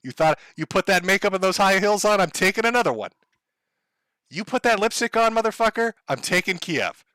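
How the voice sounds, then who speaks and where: Brief: man playing a boastful, crude world leader, taunting, bright and close-sounding. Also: sits high, expressive, a little fast, no echo, pitched above the performer's own voice. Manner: profane, taunting. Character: blustering foreign male head of state, boastful and vulgar.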